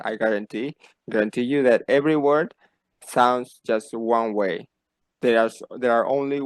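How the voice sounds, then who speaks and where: A native Spanish speaker teaches beginners slowly, saying each phrase several times for students to echo back. The man's voice is mid-range, and the audio is dry.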